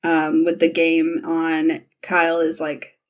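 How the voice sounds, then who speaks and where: A woman's voice: deep voice, completely flat delivery, slow. Woman host recapping with acted-out quotes. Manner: retells scenes acting out lines, laughs often. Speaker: podcast host. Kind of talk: casual recap chat.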